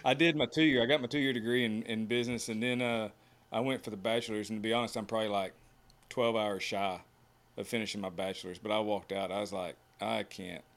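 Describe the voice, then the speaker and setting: Speaking briskly in a lowish, slightly bright voice with a steady tone, this American horseshoer swaps casual stories on a podcast. He's folksy and voices the quotes of the people in his tales.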